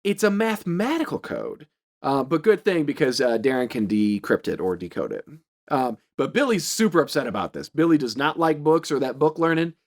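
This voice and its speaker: A young man talks through a movie plot for his podcast co-hosts in a loose, joking way. His voice sits a bit high and jumps around a lot. He swears and laughs freely. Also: sing-song, fairly quick. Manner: swearing, laughing often, quoting lines in silly voices. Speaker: podcast co-host recapping a movie. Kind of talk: casual movie recap chat.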